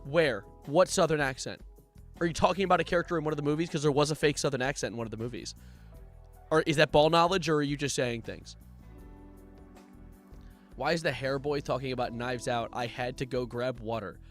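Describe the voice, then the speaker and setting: A young man live streaming, chatting casually, joking around and reading out donations in an animated way. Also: medium pitch, fairly quick, pauses often, soft background music. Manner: jokey, animated, reads donations aloud. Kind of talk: casual livestream chat.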